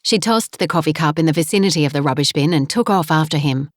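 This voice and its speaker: Woman narrator, measured and steady, slightly low voice, close dry sound. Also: no room sound. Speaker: audiobook narrator. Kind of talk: scripted narration.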